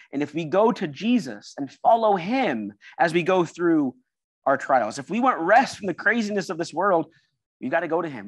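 A man's voice: fairly high pitch, a bit bright, no echo. A man preaching a sermon in a church service, earnest and emphatic, building his points through repeated phrases.

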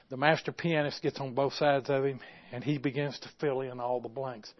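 A man preaching a sermon, moving from quiet, hushed storytelling to loud, impassioned exhortation. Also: mid-range voice, steady tone, moderate pace. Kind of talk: sermon with stories. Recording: dull lo-fi recording.

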